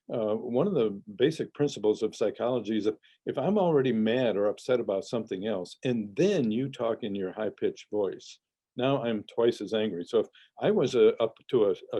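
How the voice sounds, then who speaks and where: An older man, a parenting expert, giving measured advice in an interview with frequent restarts and fillers. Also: fairly low pitch, mellow, breathy edge, rough recording.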